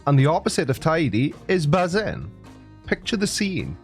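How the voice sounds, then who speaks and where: A man's voice: fairly high pitch, big pitch swings, normal speed, faint music behind. A Welsh man in his forties with a sarcastic, jokey delivery, giving a comic monologue. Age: 40s. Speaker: YouTuber.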